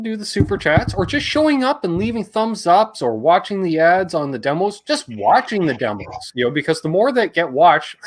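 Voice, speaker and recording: A man's voice: on the high side, slight background noise. A Canadian man co-hosting a live chat stream, rambling and reading out supporters' names. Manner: chatty, rambling, reads out names. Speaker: co-host. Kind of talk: casual livestream chat.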